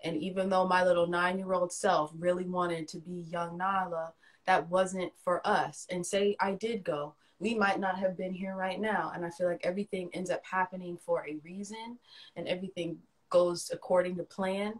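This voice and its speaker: A young woman with a fairly low voice chats into her phone on a livestream. She tells a personal story with animated delivery, getting loud, then dropping soft. The talk is casual and unscripted. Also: normal speed. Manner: animated, swinging loudness. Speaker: livestream co-host.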